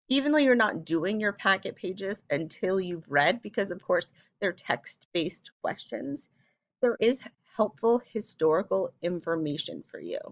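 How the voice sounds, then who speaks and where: A woman's voice: medium pitch, dry recording. Patient woman teacher, dull dry sound. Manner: clear, patient, reads passages aloud with expression. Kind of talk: recorded remote reading lesson.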